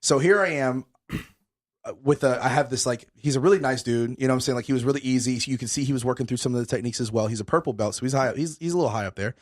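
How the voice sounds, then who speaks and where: A young man, a podcast host, telling a story in casual chat, animated and swearing a lot, still out of breath. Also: mid-range voice, rapid-fire.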